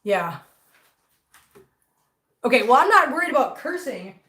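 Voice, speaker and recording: A woman's voice: sits high, sing-song, a little slow, bright, forceful tone. A middle-aged woman hosting a casual livestream chat about her cats, teasing and reading viewer comments aloud. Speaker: cat channel host. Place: home room. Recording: echoey room.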